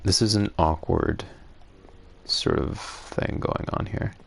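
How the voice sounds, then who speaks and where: A man with a very low, gravelly voice tells a story while playing a game. He rambles, turns sarcastic and indignant, and breaks into laughs now and then. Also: steady tone, slow, a little hiss or hum. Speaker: gaming streamer.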